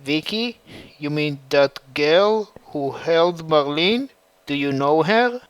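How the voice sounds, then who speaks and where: A man's voice: a little high, lively intonation, slow pace, smooth, dry recording. A man reading the part of a caring but vengeful young woman fighter in a fan story.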